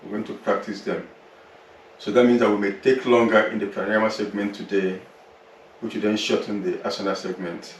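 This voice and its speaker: A man teaching yoga, guiding a slow relaxation through the body and then breathing practice in a soothing, unhurried way. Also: fairly low pitch, little pitch movement. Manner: slow, soothing, drawn-out guidance. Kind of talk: guided relaxation and yoga instruction. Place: yoga class room. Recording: roomy, distant mic with faint noise.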